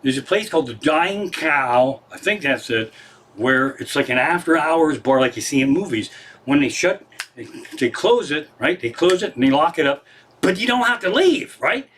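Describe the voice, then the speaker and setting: A man's voice: a little high, expressive, normal speed, fairly bright tone, slight background noise. Profane, rambling male comedian. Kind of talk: casual live-stream storytelling. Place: home living room.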